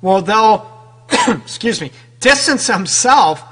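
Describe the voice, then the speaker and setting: A fairly high-pitched man with a bright, forceful tone hosts a radio advice show. He speaks to his listeners in a frank, loose, conversational way and keeps asking them questions. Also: lively intonation, slow, breathy edge. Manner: talks straight to listeners with rhetorical questions. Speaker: radio show host and relationship counselor.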